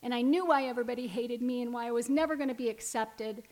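A woman in her fifties speaks in a high voice as she tells her own story to a recovery meeting. She is candid and talks like a storyteller, often laughing her way through the emotional stretches. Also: fast talker, a little mellow. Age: 50s. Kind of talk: personal testimony talk.

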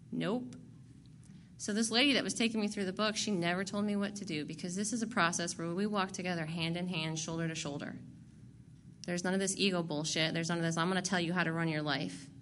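A woman's voice: fairly low pitch, fairly bright tone, a little hiss or hum. A woman candidly sharing her recovery story to a group, blunt and profane and laughing at herself. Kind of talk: candid personal testimony.

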